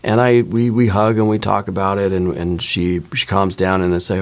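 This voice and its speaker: Low-voiced man giving a tarot reading. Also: flat delivery, moderate pace. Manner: reflective, conversational, frequent "you know" and "right". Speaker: tarot reader. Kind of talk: relaxed spoken tarot reading.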